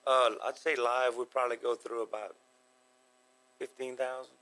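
A man's voice: medium pitch, flat delivery, moderate pace, pushed and bright, poor audio. A man in the crawfish business, answering in a matter-of-fact way. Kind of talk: casual interview answers.

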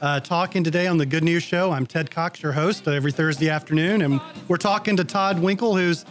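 A man hosts a radio interview with a voice a bit higher than most men's. He chats freely, jumps in often and makes small jokes. Faint music sits behind him. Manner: chatty, quick interjections, joking. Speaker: radio show host. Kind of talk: casual interview. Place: radio studio.

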